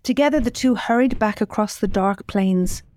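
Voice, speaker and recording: Woman storyteller, measured scripted fairy-tale reading, mid pitch. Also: darkish tone. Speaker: host and storyteller.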